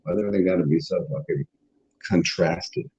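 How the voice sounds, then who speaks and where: A man's voice: deep voice, fairly even intonation, brisk, darkish tone, slightly rough. A man giving a rambling, profane casual monologue as a spiritual vlogger, restarting his sentences often. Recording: dull lo-fi recording.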